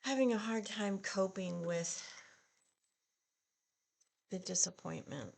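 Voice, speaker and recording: Slow, gravelly woman in her sixties. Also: medium pitch, a little mellow. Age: 60s. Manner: slow, subdued and halting, with sighs. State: upset and discouraged. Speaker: beauty vlogger. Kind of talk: casual get-ready-with-me chat.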